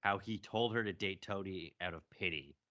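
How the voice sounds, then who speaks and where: A man's voice: low voice, normal speed, bright, forceful tone, highs cut off. A man co-hosting a casual review podcast, recapping the plot with dry jokes. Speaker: podcast co-host.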